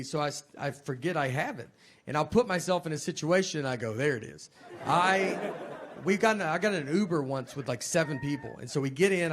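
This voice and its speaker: A man doing stand-up comedy, telling rambling, self-deprecating stories in a deadpan way. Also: on the high side.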